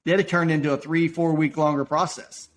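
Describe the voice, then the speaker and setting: A man's voice: on the high side, little pitch movement. A man guesting on a podcast, telling a rambling folksy story about his work in casual talk. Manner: folksy, rambling, quick to act out quotes. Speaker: podcast guest, roofing business owner.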